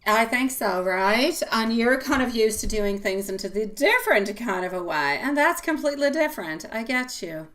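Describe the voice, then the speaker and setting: A woman hosting a live tarot reading, talking casually and warmly to viewers and calling them sweetie pie, with many fillers and frequent laughs. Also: a little high, expressive, normal speed, hardly any pauses. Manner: chatty and affectionate, calls viewers sweetie pie; laughs often, loose rambling talk with fillers.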